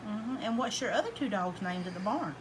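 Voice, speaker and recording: A woman, softly coaxing her son to speak at his hospital bedside. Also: mid-range voice, expressive, a little fast, noisy background. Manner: soft, coaxing, repeats questions. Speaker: mother caring for her son. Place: hospital room.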